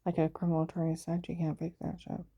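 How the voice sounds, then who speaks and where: A woman's voice: low voice, completely flat delivery, fast talker, dark tone, muffled recording, a little hiss or hum. A woman giving a rambling personal account in an aggrieved, insistent way.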